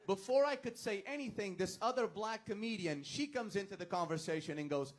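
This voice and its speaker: A man from Portugal doing standup in a high voice. His delivery is dry and hesitant, and he stammers a little as he pokes fun at himself. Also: fairly quick, few pauses. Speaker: standup comedian. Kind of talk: standup storytelling. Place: comedy club stage.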